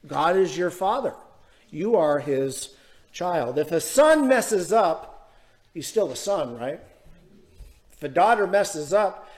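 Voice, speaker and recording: A man with a high, light voice preaches from the pulpit. He speaks earnestly and drags out key words for emphasis. He often asks questions of his listeners. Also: a little mellow. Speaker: pastor. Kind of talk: sermon.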